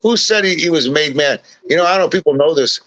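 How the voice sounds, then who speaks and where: Man, guest, fairly high voice, swears his way through rowdy stories, lo-fi recording. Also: quick pace. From Chicago, USA. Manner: profane, animated anecdote-telling. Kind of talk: casual storytelling. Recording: dull lo-fi recording.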